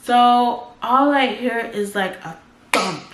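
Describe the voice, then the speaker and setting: A woman in her twenties tells a personal story as a casual storytime vlogger, rambling in run-on sentences packed with "like." Her voice sits on the high side and moves slowly, with a roomy echo around it.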